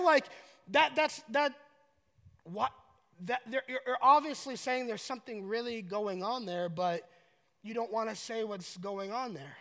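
A man from Colorado preaching a sermon, conversational and joking, building to loud emotional paraphrases. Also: extremely high pitch, measured pace, big-room sound. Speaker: pastor.

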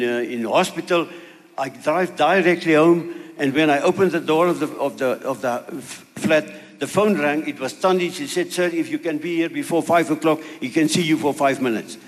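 Older South African man, earnest testimony. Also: on the high side. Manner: halting, repeats words, earnest. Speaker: preacher giving testimony. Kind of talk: personal testimony sermon. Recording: long reverb of a hall.

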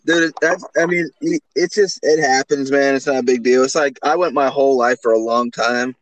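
A man's voice: medium pitch, steady tone, normal speed, dry recording, rough recording. A man co-hosting a podcast, telling crude stories in a joking, slangy way. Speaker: podcast co-host. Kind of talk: casual chat.

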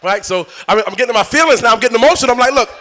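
A high-pitched man with a bright, forceful tone preaches a sermon in church. He swings from chatty, laughing storytelling aimed at the congregation into loud, fervent preaching. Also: animated, racing. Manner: conversational storytelling building to shouted preaching. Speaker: bishop preaching.

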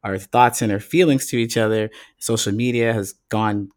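A man's voice: lowish voice, steady tone, moderate pace. A man hosting an interview, agreeable and affirming, asking his guest questions. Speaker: interview host. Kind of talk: interview conversation.

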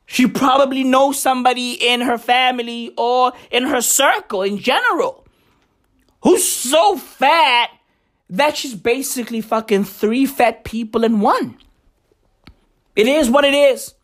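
A man's voice: very high-pitched, moderate pace, a bit bright. A man giving casual vlog commentary on tweets, swearing a lot and repeating rhetorical questions for emphasis. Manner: profane, emphatic, keeps asking rhetorical questions. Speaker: vlogger reacting to tweets.

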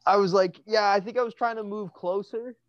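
Man, young, slightly high voice, loose rambling storyteller, casual podcast chat. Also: steady tone, brisk, dull audio, a crowd in the background. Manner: rambling, filler-heavy, laughs through his stories. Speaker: podcast co-host.

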